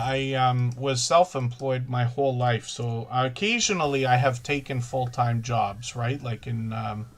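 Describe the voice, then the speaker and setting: Chatty man hosting a casual livestream. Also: mid-range voice. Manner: rambling, self-correcting, chatty with frequent fillers. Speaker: livestream host promoting small channels.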